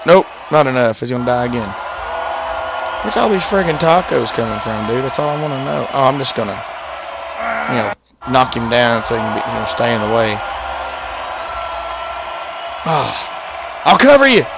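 A young man giving excitable let's-play commentary, yelling and groaning at the game. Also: medium pitch, normal speed, gravelly, pauses often. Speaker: gaming YouTuber. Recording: game music and crowd noise behind.

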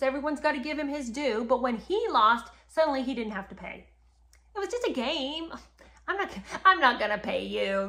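A woman's voice: fairly high pitch, fairly bright tone. A woman casually retelling a history story to the camera, speaking straight to her viewers in an indignant, emphatic way. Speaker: history commentator.

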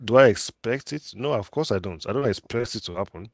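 A man talking in a measured, somewhat hesitant way in a casual football debate. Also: fairly low pitch, animated, no echo. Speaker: Chelsea fan pundit.

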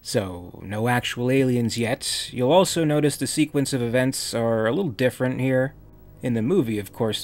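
A man narrating a comic review as host, in a dry, wry manner. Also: medium pitch. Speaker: video essay host.

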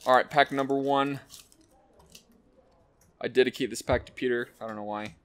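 Man, host, casual unboxing commentary, excitable, rattles off names, quick jokes, mid pitch. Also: slight background noise. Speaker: host opening card packs.

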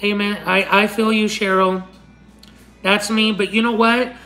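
A woman's voice: medium pitch, little pitch movement, unhurried, a bit bright, soft background music, low-quality recording. Affectionate chatty woman hosting a livestream. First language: Spanish. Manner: affectionate, calls viewers honey and my love; chatty, rambling with restarts and laughs. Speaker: livestream host. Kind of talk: casual livestream chat.

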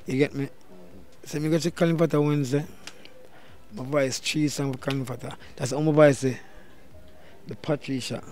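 Jamaican guy, middle aged, telling an interview story, gets loud acting out what folks said. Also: mid-range voice, moderate pace, pauses often. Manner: animated, loud bursts when acting out quotes. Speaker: dancehall deejay guest.

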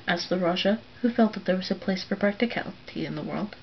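A woman reading a story aloud, softly and often near a whisper. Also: medium pitch, fast talker, creaky, hardly any pauses, muffled recording, slight background noise. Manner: soft, often drops to a whisper for narration.

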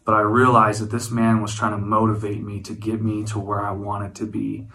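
A man in his thirties speaks as a guest at an event, giving a personal testimony. His voice is bright and forward. He talks earnestly and reflectively, and he often doubles back to restart a phrase. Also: on the low side, monotone, normal speed, gravelly, rough recording. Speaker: guest speaker, former wildland firefighter.

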